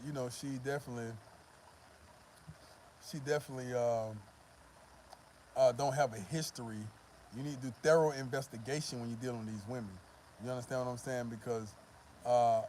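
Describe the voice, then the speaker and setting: A man rants in a loose, streetwise vlog monologue, blunt and full of profanity. His voice sits in a mid register with a warm, mellow tone. Faint traffic hums in the background. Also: mid-range voice. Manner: blunt and profane, repeats "you know what I mean". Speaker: vlogger giving dating advice. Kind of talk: casual monologue.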